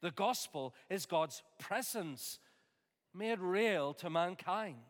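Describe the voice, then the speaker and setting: A man preaching an earnest sermon in a fairly high voice, measured and plain-spoken with homely asides. His words ring out with a long reverb through a large hall. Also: lively intonation.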